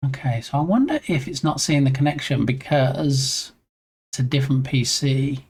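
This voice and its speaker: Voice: medium pitch, normal speed, darkish tone, breathy edge. Chatty streamer thinking aloud while troubleshooting. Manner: muses to self, reads screen text aloud, chats with viewers. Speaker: game dev streamer. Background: headphones on.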